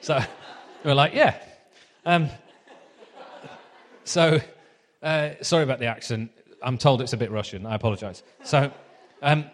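A man in his thirties gives a casual, story-filled sermon, joking at his own expense and filling pauses with ums. His voice sits at an ordinary middle pitch and carries a long hall reverb. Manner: chatty, self-deprecating, many ums. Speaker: preacher. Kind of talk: sermon with anecdotes.

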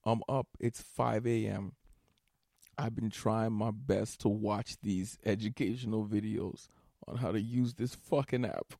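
Gravelly, slow-talking man ranting. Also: lowish voice, steady tone, mellow, dry recording, clean studio sound. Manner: exasperated, swears often, breaks into nervous laughter. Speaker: stand-up comedian and podcast host. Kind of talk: solo comedy podcast rant.

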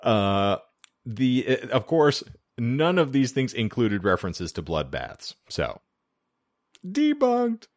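A male co-host with a fairly low voice goes slowly through his research for a casual history podcast, partly reading from notes. He's wry, animated and chatty, leaning on frequent fillers, with remote-call audio that's studio-quality and has no echo.

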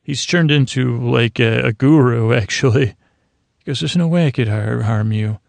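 A man with a gravelly, mid-pitched voice casually recaps an episode, rambling and restarting as he goes. The sound is dry and close, with no room around him. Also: steady tone, normal speed, no room sound. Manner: loose, rambling retelling full of fillers and restarts. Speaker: podcast host.

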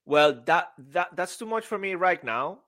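A man co-hosting a podcast in casual banter, excitable and teasing, often laughing. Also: high-pitched, moderate pace. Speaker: podcast co-host.

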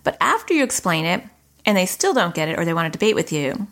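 A woman's voice: fairly low pitch, sing-song, fast talker, a bit bright. A middle-aged woman therapist giving conversational advice to parents, explaining behavior through analogies and acting out quoted dialogue. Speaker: child anxiety therapist.

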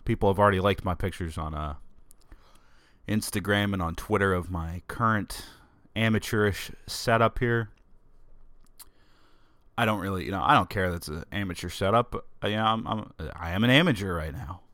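A podcast host who is under the weather with a sore throat jokes at his own expense in a rambling, casual solo monologue recorded at home. He has a low, fairly bright voice at a normal speed, captured dry on a desk microphone in his home office.

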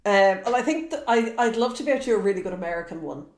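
A woman's voice: medium pitch, lively intonation, rapid-fire, echoey room. A woman co-hosting a podcast in casual chat, playful and self-mocking. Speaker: podcast co-host.

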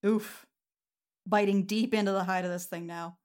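A woman runs a tabletop game as game master. Her voice is mid-pitched, and she rules on hits and describes the monster in a calm, matter-of-fact way. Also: moderate pace.

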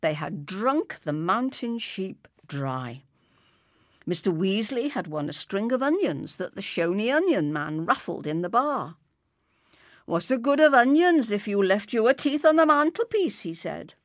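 Unhurried, expressive woman storyteller. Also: medium pitch, no echo, clean studio sound. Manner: lyrical, expressive, unhurried reading. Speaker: narrator. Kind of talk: storytelling reading.

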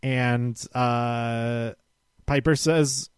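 A man's voice: medium pitch, flat delivery, takes it slowly, clear, resonant tone, no room sound, clean studio sound. A man giving a casual, rambling spoken recap, often restarting and correcting himself with small chuckles. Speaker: show recap host.

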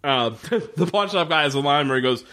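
A man's voice: a little high, lively intonation, moderate pace, noisy background. Male podcast co-host, casual and profane, laughs through his recap. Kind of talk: casual chat recapping a TV episode.

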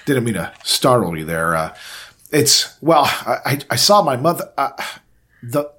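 A man's voice: mid-range voice, big pitch swings, a little slow, bright, forceful tone, pitched above the performer's own voice, exaggerated voice. A man playing a stammering, sheepish fellow. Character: apologetic, eager grown man.

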